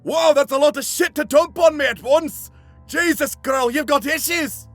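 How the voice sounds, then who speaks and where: A lovesick young male slasher who gushes with breathless, mock-romantic devotion, as a man puts him on. His voice sits strikingly high and strained, with faint music in the background. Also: moderate pace, fairly bright tone. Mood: incredulous.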